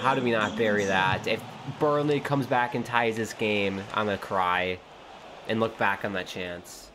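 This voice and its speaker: A man hosting a gaming channel, commentating his own match with excitable outbursts at big moments. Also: lowish voice, moderate pace. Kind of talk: live gameplay commentary. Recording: noisy background hum.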